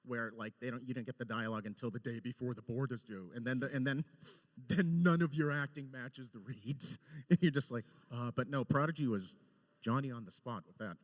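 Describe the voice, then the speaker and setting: A man speaking on a convention panel about storyboarding an animated show, telling stories with excitement, restarts and laughter. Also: mid-range voice, fairly quick. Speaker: storyboard director on an animated series. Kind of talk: casual panel talk.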